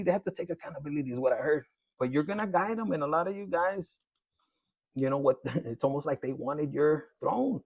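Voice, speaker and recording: Gravelly high-voiced man reading tarot. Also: no echo. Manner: animated, slangy, laughs often, acts out quoted voices. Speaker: tarot reader. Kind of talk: casual tarot reading monologue.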